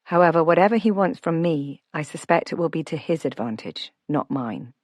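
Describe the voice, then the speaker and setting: A woman narrating a novel in first person, reading in a calm, reflective way. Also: low voice, normal speed, no echo, clean studio sound. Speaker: audiobook narrator.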